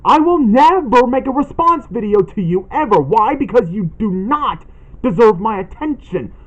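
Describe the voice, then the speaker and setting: A man's voice: very high voice, lively intonation, normal speed. A man ranting in an indignant, accusatory callout vlog, reading posts aloud. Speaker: channel host making a callout video. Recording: dull lo-fi sound.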